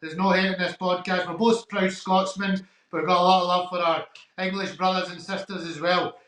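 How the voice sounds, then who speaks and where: A Scottish man hosting a podcast interview, affirming his guest warmly with some hesitant fillers. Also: sits high, level tone, brisk, echoey room, low-quality recording. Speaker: podcast host. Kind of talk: interview conversation.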